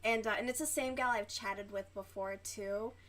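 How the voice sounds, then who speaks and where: A woman's voice: medium pitch, steady tone, normal speed, fairly bright tone. A young woman livestreaming while she crochets, chatting casually and rambling with lots of fillers and swearing. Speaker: livestream host.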